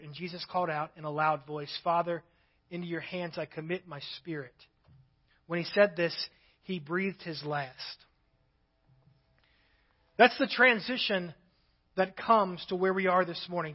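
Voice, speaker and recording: A man with a fairly high voice preaches from the pulpit, reading scripture and pausing for his own asides. The recording is a little dull and lo-fi. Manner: reads scripture aloud, breaking off for asides. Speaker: pastor.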